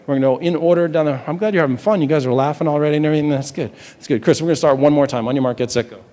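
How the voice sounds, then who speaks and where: A man's voice: a little high, racing, dark tone. A man from New Hampshire working as a stage hypnotist, chatting with volunteers in loose, rambling patter full of restarts, recorded live in a large campus hall. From New Hampshire, USA. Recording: live hall with long reverb.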